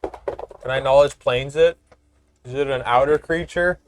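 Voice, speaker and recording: A man's voice: mid-range voice, measured pace. A man playing a tabletop game, making offhand jokes in casual chat. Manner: joking, offhand remarks.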